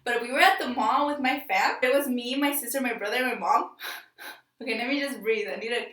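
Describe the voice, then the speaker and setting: A young adult woman with a high, bright voice tells a rambling, slangy storytime, full of fillers and excited asides. She sits a little back from the microphone in an echoey room. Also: a little fast. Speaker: vlogger. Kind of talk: casual storytime vlog. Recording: echoey room, distant mic.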